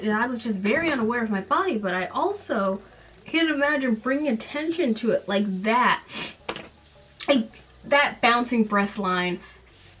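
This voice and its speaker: A woman in her late twenties to thirties hosting a podcast, recapping a book in a casual way with sarcastic, animated, mocking asides. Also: a little high, distant mic. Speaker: podcast host.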